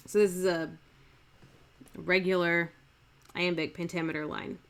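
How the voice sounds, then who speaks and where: A woman teaching Shakespeare verse in a live-streamed lesson, explaining in an unhurried way with fillers and restarts. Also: fairly low pitch, little pitch movement. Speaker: acting teacher.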